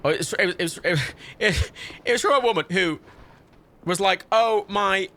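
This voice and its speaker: A man's voice: sits high, animated, a little fast, pushed and bright. A young man streaming a game, rambling through stories and swearing freely in casual chat. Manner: rambling, swearing, laughing storyteller. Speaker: livestream gamer.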